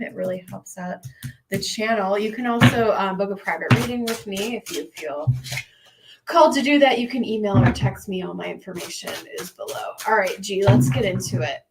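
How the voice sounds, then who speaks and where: A young woman hosts a live tarot stream, chatting casually over a noisy background in a medium-pitched voice. Her delivery is emotional and rambling, full of fillers and restarts.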